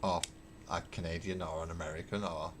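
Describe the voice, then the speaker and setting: A man with a deep voice rambles through viewer comments on his livestream, wry and thinking out loud between fillers. He talks into a webcam mic in his hobby room at home, with a faint hiss behind him. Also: level tone, brisk. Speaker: livestreaming miniature painter. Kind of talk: casual livestream chat, answering viewer comments.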